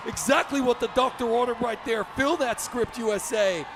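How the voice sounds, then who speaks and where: A man giving energetic, upbeat play-by-play for a basketball video game tournament, often shouting the big plays. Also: extremely high pitch, moderate pace, crowd noise, background noise. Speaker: esports commentator.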